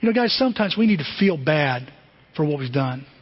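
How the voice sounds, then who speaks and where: A high, husky-edged pastor preaches a little fast, acting out the voices in his animated stories. The recording is muffled and dull, with a long reverb from the hall behind him.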